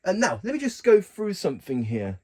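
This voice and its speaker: A man's high voice swings hugely in pitch as he walks through a casual keyboard tutorial, speaking haltingly and correcting himself mid-sentence. Loud music from the keyboard being demonstrated plays over his voice.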